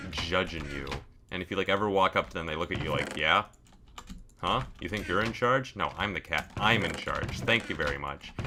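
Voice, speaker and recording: A man telling a casual, deadpan story to his stream, with lots of "like" and dry jokes. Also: low voice, background noise. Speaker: gaming streamer.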